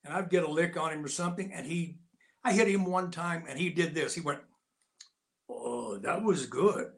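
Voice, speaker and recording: A man's voice: a little high, fast. Older man spinning folksy war stories. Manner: folksy, animated anecdote-telling. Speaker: interview guest, actor and Navy veteran. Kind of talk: casual storytelling in an interview.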